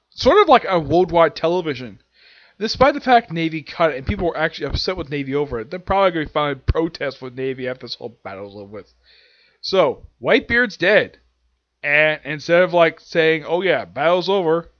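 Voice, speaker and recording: A man with a slightly high voice rambles through an anime plot recap, leaning on fillers and restarting his sentences. The sound is dull and lo-fi, dry with no room echo. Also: fairly bright tone. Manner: rambling, filler-heavy retelling. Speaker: anime reviewer. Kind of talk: casual episode recap.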